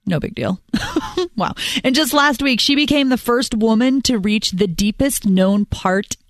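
A woman co-hosting a casual show, telling a news story with playful asides and animated storytelling. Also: a little high, a little slow, no room sound, clean studio sound. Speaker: co-host. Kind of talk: casual radio show banter.

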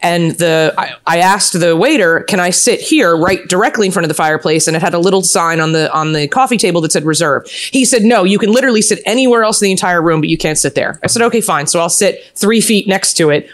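A woman from New York telling a story in casual chat, animated and often laughing. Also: lowish voice.

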